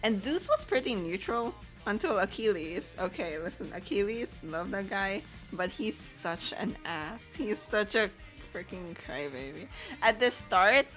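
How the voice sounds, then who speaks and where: A woman's voice: medium pitch, animated, unhurried, a bit bright, soft background music. A young woman chatting casually on a live stream, rambling and giggling, full of "like".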